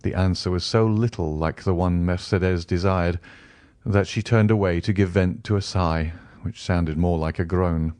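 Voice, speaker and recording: A man narrating a classic novel as an audiobook in a measured way. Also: sits low, steady tone, darkish tone, no room sound.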